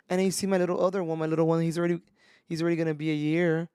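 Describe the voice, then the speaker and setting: A man's voice: on the high side, level tone, very fast, dark tone, smooth, no echo, clean studio sound. A young man, a podcast co-host, talking about fatherhood in a laid-back casual chat, calling people "bro" and "dude".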